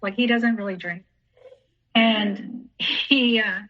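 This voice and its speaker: A woman's voice: a little high, slow, dull audio. A woman telling a story as a podcast guest in casual, rambling speech full of "like" and "you know".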